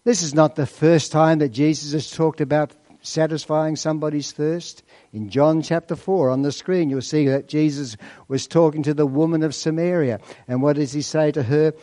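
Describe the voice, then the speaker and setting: A man preaching a sermon, asking rhetorical questions and slowing down to stress key points. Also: fairly high pitch, fairly even intonation, mellow.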